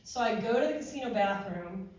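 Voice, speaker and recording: A woman, a former first responder, shares her own story at a panel in a halting way, with many fillers and restarts. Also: medium pitch, lively intonation, a little mellow. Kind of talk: personal testimony at a panel. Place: large echoey room at a panel event. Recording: very echoey hall from far off.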